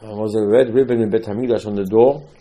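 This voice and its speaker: A man leads a Torah class as a storyteller, with a mellow, darker tone. He sprinkles Hebrew terms through his English and swings from loud, emphatic bursts to low, quiet asides. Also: fast talker. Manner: animated storytelling, swings between loud and soft. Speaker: religious teacher.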